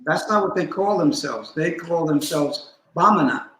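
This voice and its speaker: A man speaking as a guest scholar, explaining in a deliberate, instructive way and stopping to spell out terms. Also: fairly high pitch, lively intonation, a bit bright, echoey room, poor audio. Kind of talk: teaching in a conversation.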